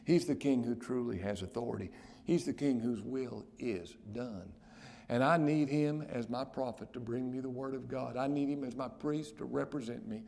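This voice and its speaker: Vocal fry marks this pastor's mid-range voice as he preaches, his loud emphatic claims dropping into hushed near-whispers. He leans slowly and heavily on key phrases.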